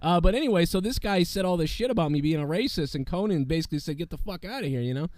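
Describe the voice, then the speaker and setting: A hoarse, sick-sounding man hosts a casual podcast, rambling with constant fillers and the odd curse. His voice is smooth and resonant despite the rasp, and it is recorded dry and close. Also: a little high, expressive, fast, darkish tone, no room sound. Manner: rambling, lots of fillers and swearing. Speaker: podcast host.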